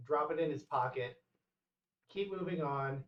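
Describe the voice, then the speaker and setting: Calm guy player describing his moves, echoey room, kinda dull sound. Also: on the high side, a little slow. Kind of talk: casual game chat.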